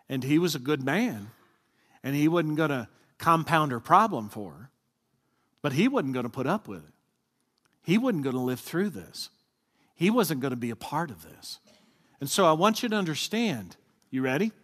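A pastor with a raised, lively voice preaches to his congregation and keeps asking them to call out answers. His words ring out with a long hall reverb. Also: a little high, normal speed. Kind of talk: sermon.

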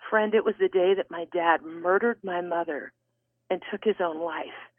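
A woman guest author telling a personal story in an interview, animated and expressive. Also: on the low side, moderate pace, no room sound. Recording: tinny phone line.

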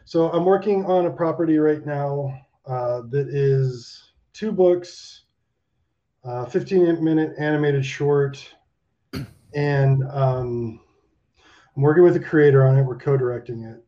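Animated, swearing man on a muffled call. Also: on the high side, slow. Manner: animated, swears a lot, rambling with fillers. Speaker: animation director, guest. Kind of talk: casual chat, video call.

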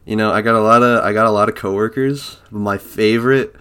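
A young man with a cold, co-hosting a casual comedy podcast and joking in a deadpan way. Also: lowish voice, a little fast, noisy background. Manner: joking, deadpan, swears a lot. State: has a cold. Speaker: podcast co-host.

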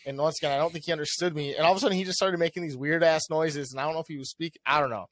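A young man co-hosting a podcast, telling a story in casual chat. He swears a lot and acts out what he said with a rising, animated voice. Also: a little high, rapid-fire, dry recording. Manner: animated, swears often, acts out his own lines with a rising voice. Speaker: podcast co-host.

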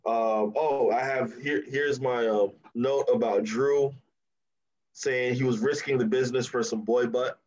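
A man co-hosting a TV review podcast, talking casually in an animated, mocking way and laughing often. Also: medium pitch, measured pace, highs cut off. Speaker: podcast co-host reviewing a TV episode.

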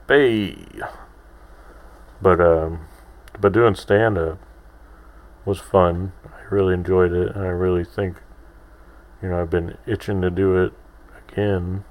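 A man in his thirties hosting a solo podcast, rambling and self-deprecating with lots of restarts. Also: sits low. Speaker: podcast host. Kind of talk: casual solo podcast monologue.

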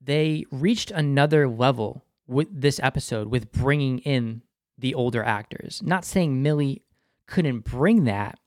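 A man's voice: medium pitch, a little slow, darkish tone, no echo, studio quality. Enthusiastic male TV reviewer, Boston accent. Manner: enthusiastic, talks about himself in third person. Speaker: TV review host. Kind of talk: casual episode review.

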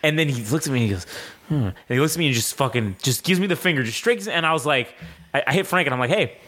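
A man co-hosting a podcast, telling a story in an animated, profane, casual way. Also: medium pitch, fast talker. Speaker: podcast co-host.

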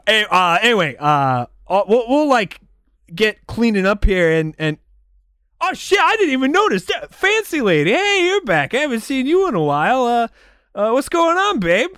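A man voicing an excitable young stoner dude who shouts and swears in a high voice. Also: smooth, no echo, clean studio sound, full character voice. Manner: loud, high-pitched, swearing.

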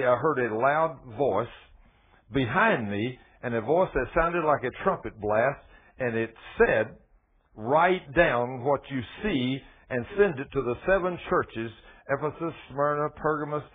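Folksy preacher guy on the radio, husky voice, sounds like a phone line. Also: mid-range voice, measured pace. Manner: lively, folksy, swings from soft to excited. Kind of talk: radio sermon.

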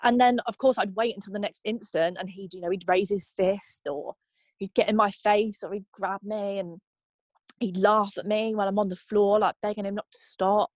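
A young woman telling her own story in a candid, halting way, full of fillers. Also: mid-range voice, steady tone, darkish tone, no room sound. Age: young adult. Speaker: interviewee. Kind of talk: personal testimony.

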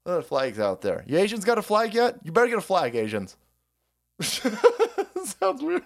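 Sarcastic, profane man with lively pitch. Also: moderate pace, creaky. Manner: laughs often between lines. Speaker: livestream host. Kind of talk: livestream rant.

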